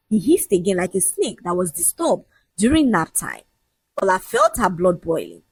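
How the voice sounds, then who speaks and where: A woman narrates a dramatic folk tale, her pitch rising and falling in an animated way. Her voice is husky and slightly breathy. It is recorded close and dry, with no room sound. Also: moderate pace, dry recording. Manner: lively, expressive storytelling. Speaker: storyteller.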